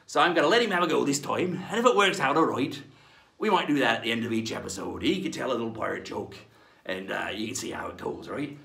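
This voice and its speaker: A man's voice: mid-range voice, animated, fast, vocal fry, a bit bright, echoey room. A man hosting a children's lesson in a playful pirate persona, talking in hammy, theatrical pirate speech.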